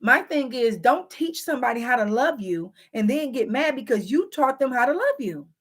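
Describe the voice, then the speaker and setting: A woman's voice: sits high, big pitch swings, normal speed. Frank, teasing woman giving relationship advice. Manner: frank, teasing, talks straight to the audience; acts out both sides of arguments. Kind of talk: casual advice talk to viewers.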